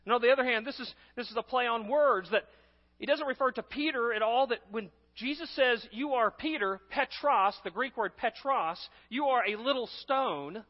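A man preaching a sermon as pastor, emphatic, swinging between loud stresses and hushed asides. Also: very high-pitched, normal speed. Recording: long hall reverb, dull lo-fi sound.

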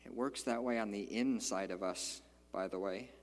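A man preaching a sermon in a church, animated and emphatic, rising to loud peaks and dropping to quiet asides. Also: on the low side, normal speed. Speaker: pastor. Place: church sanctuary. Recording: long hall reverb.

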